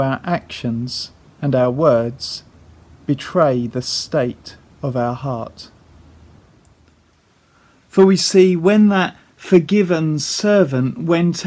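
A man's voice: fairly high pitch, a little mellow. A man preaching a sermon, retelling a parable earnestly and putting rhetorical questions to his listeners.

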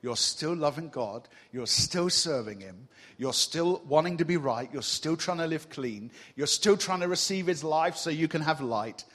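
A male preacher giving a sermon to a congregation in a church, animated and humorous, teasing the room with rhetorical questions. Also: mid-range voice, unhurried, hardly any pauses, husky. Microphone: mic on a stage.

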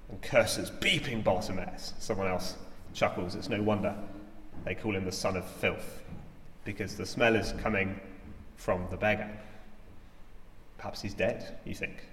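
A man's voice: fairly low pitch, fairly bright tone. A man giving a sermon as a preacher, in a conversational, reflective way with frequent fillers. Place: church hall. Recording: echoey church hall.

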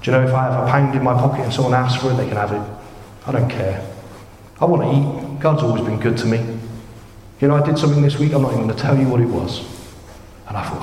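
A man in his thirties preaching a sermon, chatty and jokey, with sudden excited rises. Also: mid-range voice, quick pace, slight background noise. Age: 30s. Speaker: pastor. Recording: echoey hall, faint room ambience.

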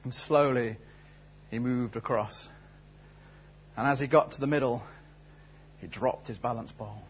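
A man's voice: medium pitch, a little slow, breathy edge, dull audio. A man preaching a sermon, telling a story and then asking earnest, searching questions. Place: church service.

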